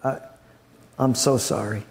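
Man doing a grieving male messenger, hushed, halting, apologetic, lower than his usual voice, long reverb. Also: fairly even intonation, close to an everyday voice. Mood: somber. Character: grieving male messenger bringing bad news.

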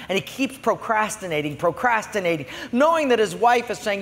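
A pastor preaching a sermon, telling a story and moving from quiet to loud passages. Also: male voice, high-pitched, lively intonation, brisk, few pauses. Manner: storytelling, swinging from hushed to loud. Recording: long hall reverb.

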